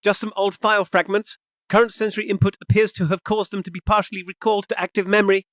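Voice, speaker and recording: A man's voice: sits high, flat delivery, fast talker, a bit bright, no room sound, pitched above the performer's own voice. A man voicing a prim, loyal male robot dog that speaks in clipped, formal phrases.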